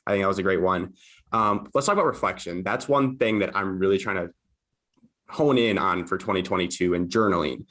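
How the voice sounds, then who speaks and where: A man hosting a podcast in casual chat, relaxed and laughing along with short reactions and questions. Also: sits low, fairly quick. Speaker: podcast host.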